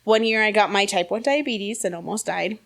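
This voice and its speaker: A woman in her thirties, podcast co-host, telling a story in a casual, animated way and laughing often. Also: medium pitch, moderate pace, vocal fry. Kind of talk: casual chat.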